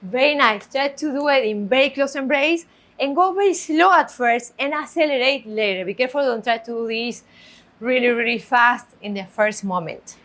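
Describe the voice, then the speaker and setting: A woman's voice: on the high side, moderate pace, fairly bright tone. A woman teaching tango, counting steps aloud and giving careful warnings as she demonstrates. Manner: gives careful instructive warnings. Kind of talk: dance lesson instruction.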